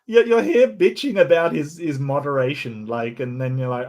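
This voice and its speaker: Male host, fairly high voice, casual sarcastic commentary, animated. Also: normal speed, few pauses. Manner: animated, sarcastic, laughing asides. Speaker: host reviewing a debate.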